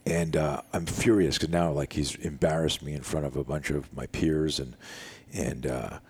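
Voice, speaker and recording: An older man, a self-defense instructor, telling a story in an interview in a casual, animated way and acting out the dialogue. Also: a bass voice, moderate pace, slightly rough. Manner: animated, acts out quoted dialogue, casual with frequent "dude" and "like".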